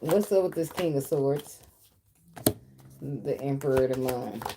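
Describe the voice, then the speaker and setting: A woman's voice: a bass voice, a little slow, noisy background. A woman, giving a casual, blunt tarot reading full of swearing and chatter to the cards. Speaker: tarot reader.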